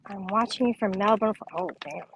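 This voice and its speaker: A woman's voice: mid-range voice, a little fast, lo-fi sound, a little hiss or hum. A young woman chatting casually on a livestream, reading viewer comments, laughing often and swearing freely.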